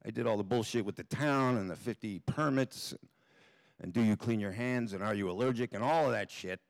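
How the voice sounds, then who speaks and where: A man's voice: fairly low pitch, fairly quick, dry recording. A man telling a comic story live on a theater stage, in a wry, offhand way with plenty of swearing.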